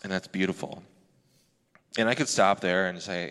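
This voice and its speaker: A man's voice: lowish voice, lively intonation, moderate pace, a bit bright. A male pastor giving a sermon in a candid, conversational way, often restarting his sentences. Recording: long hall reverb.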